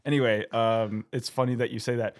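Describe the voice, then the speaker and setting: A young man hosting a podcast, friendly and laid-back, who laughs easily and fills pauses with "um". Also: medium pitch, steady tone. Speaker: podcast host. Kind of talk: casual podcast interview.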